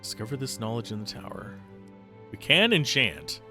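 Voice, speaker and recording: A man's voice: mid-range voice, sing-song, normal speed, pushed and bright, faint music behind. A man streaming a game, giving casual commentary, reading on-screen text aloud and swearing offhandedly. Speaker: let's play streamer.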